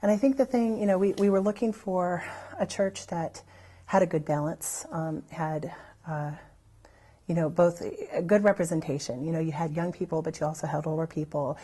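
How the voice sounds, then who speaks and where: A woman with a low, mellow voice recounts her personal story in a loose, unscripted way. She rambles and fills her sentences with "you know." She brightens when she repeats what other people said. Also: normal speed. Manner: lively when recalling others' words. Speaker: church member sharing her story.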